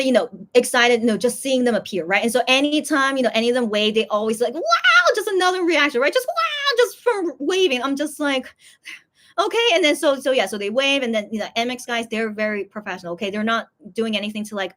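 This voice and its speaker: A woman vlogger telling a story in casual chat, rambling with lots of fillers and squealing high when she quotes others. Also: animated, fast, fairly bright tone. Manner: rambling, heavy use of "like" and "okay?", acts out others in high squeals.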